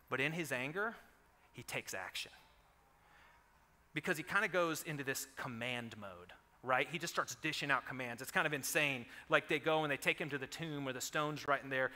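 A man in his thirties preaching a sermon, telling stories with animated energy and rising loud on quoted lines. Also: a little high, long reverb tail. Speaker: pastor.

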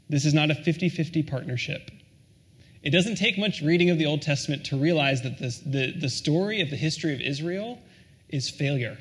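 A man preaching a sermon, earnest and questioning, often dropping to a soft hush on key lines. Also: fairly high pitch. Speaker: pastor.

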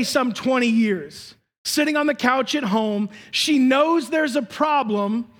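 A male pastor delivers a sermon to his congregation in a church sanctuary. His voice sits unusually high for a man. He pushes some lines out at a shout and then drops to quiet, confiding asides. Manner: emphatic, swings between shouting and hushed asides.

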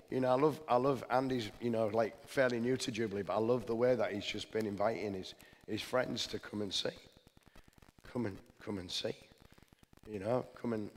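A man preaching a sermon in a church, talking in a conversational, earnest way with frequent restarts. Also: medium pitch. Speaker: pastor. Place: church hall. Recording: church hall with long reverb, faint noise.

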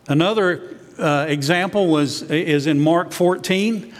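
A man's voice: sits high, a little slow, long reverb tail. A man, a church elder, preaching a sermon in a conversational way, sometimes acting out what the disciples said.

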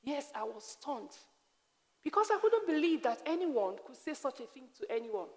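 A woman from Africa giving a personal testimony sermon, emphatic and repeating phrases slowly. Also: high-pitched, very animated. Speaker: preacher. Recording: long hall reverb.

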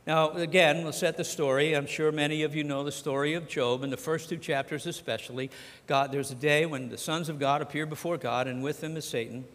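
A pastor preaches a sermon in a conversational way, acting out the dialogue from scripture. His voice is a little high and fairly bright, with fairly even intonation and a fairly quick pace, and a long hall reverb colors the recording.

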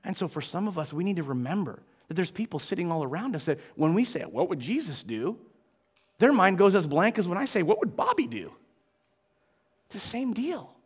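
A man's voice: sits high, big pitch swings, a little fast, breathy edge. A man in his forties preaching a sermon to his congregation in a church, chatty and self-deprecating, with frequent asides to the room. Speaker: pastor. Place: church auditorium.

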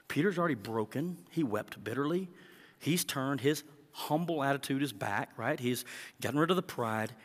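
A man's voice: medium pitch, slightly rough, big-room sound. A male pastor preaching a sermon in an earnest way that rises to emphatic peaks.

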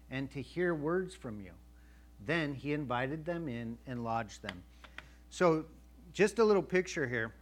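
A male pastor preaching a sermon in a conversational way, acting out the voices of a Bible story and checking in with his listeners. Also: medium pitch. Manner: checks in with the audience.

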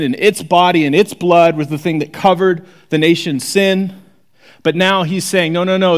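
A man preaching a sermon, shifting from hushed, intimate moments to forceful, rising emphasis. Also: high-pitched. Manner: dramatic, swings from hushed to forceful. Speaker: pastor.

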